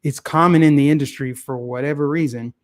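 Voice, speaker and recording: Brisk and on the high side, a male talk show host gives casual political commentary that is opinionated, animated and laden with repeated phrases.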